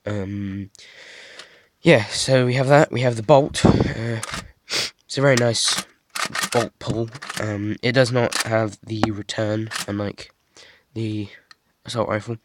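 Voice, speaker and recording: A man's voice: lowish voice, fairly even intonation, takes it slowly, slight background noise. Stuffy-nosed guy with a cold. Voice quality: husky. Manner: rambling, many ums, self-deprecating asides. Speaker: hobby builder showing his model. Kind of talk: casual show-and-tell.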